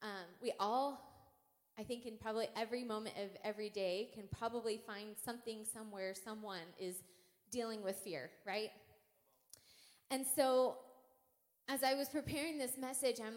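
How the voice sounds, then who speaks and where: A woman's voice: fairly high pitch, moderate pace. Chatty woman preaching in a reverberant hall. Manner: casual and animated, frequent "right?" and "like"; playful storytelling with comic exaggeration. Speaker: church speaker. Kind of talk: sermon. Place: church sanctuary.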